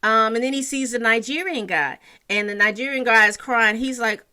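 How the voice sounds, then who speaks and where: A woman's voice: fairly high pitch, normal speed, sharp tone. A woman casually recapping a TV episode, chatty and storytelling, sprinkling in endearments like honey and child.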